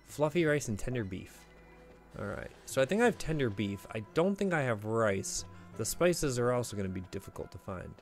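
Guy playing a game on stream, joking around, bouncy pitch. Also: big pitch swings, normal speed, faint music behind. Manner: playful, joking asides. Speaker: let's play host. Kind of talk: casual gameplay commentary.

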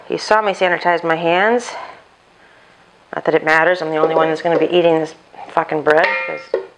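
A woman's voice: deep voice, noisy background. Woman chatting thru a cooking demo, mutters to herself, mic clipped on her chest, kitchen at home. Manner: rambling, talks to herself while cooking. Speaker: cooking channel host. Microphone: lapel mic on chest.

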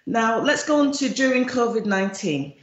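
A woman's voice: on the high side, lively intonation, moderate pace. A woman with a Jamaican accent, a charity chief executive giving a frank, emphatic presentation at a virtual conference. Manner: frank, emphatic, speaks of her views directly. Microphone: video call computer mic. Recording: roomy, dull lo-fi video call audio.

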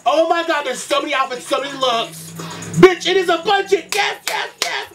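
High-voiced man gushing over a music video. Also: lively intonation, normal speed. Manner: loud, gushing exclamations and frequent profanity; camp, sassy delivery. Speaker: YouTube reactor. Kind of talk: music video reaction vlog. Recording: voice from a distance with music clearly behind. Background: music video playing.

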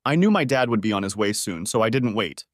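A man's voice: lowish voice, lively intonation, a little fast, dry recording, studio quality. A man narrating a dramatic first-person story for an audiobook.

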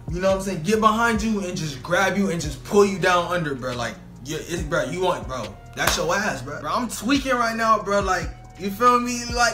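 A young man telling a funny storytime vlog in slangy casual talk, full of "bro" and "you know what I'm saying". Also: high voice. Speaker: storytelling vlogger.

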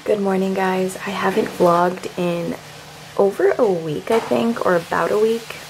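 A woman's voice: medium pitch, steady tone, unhurried, noisy background. A woman of twenty-one chatting casually to her camera as a vlogger, often laughing. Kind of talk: casual vlog chat.

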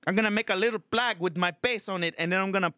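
A man's voice: very fast, sharp tone, clear, resonant tone, no room sound, clean studio sound. A man voicing a furious male tenant with a Filipino accent, ranting in a comedy sketch. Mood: indignant rant. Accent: Filipino, put on. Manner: ranting, high-pitched, indignant.

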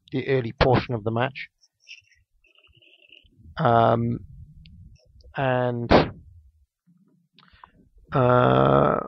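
Gravelly man recapping casually. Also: mid-range voice. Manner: rambling with frequent ums and restarts. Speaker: podcast co-host. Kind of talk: casual wrestling recap chat. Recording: dull, lo-fi dry podcast mic.

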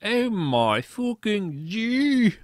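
A man's voice: sing-song, drawn-out words, dry recording, heavily acted. A man voicing a melodramatic teenage goth girl who squeals and shrieks her lines, in a dry recording. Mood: squealing. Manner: shrill squealing outbursts.

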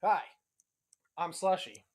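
A young man vlogging in a goofy comic way, often yelling and joking loudly. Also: high voice, animated, slow, husky. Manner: loud, yelling, jokey, swearing. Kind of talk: goofy comedy vlog.

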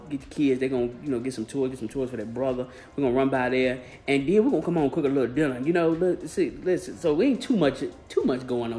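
A man's voice: fairly high pitch, darkish tone. A man hosting a family vlog in a playful, chatty way, talking straight to the viewers. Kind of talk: casual vlog chat.

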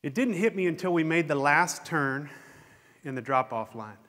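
A man's voice: fairly high pitch, expressive, normal speed, a bit bright. A middle-aged man giving a conference keynote, telling a candid, self-deprecating personal story on a concert hall stage. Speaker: conference speaker. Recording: long hall reverb.

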